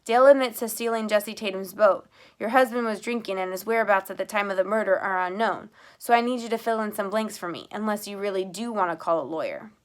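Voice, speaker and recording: A woman reading an audiobook, voicing a steady middle-aged male sheriff who questions in a measured, even way. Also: mid-range voice, lightly acted. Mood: calm probing.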